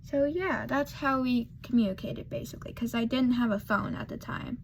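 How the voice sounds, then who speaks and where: A woman's voice: a little high, normal speed, a little hiss or hum. A woman vlogger telling a casual storytime while doing her makeup, rambling and losing her thread with lots of fillers.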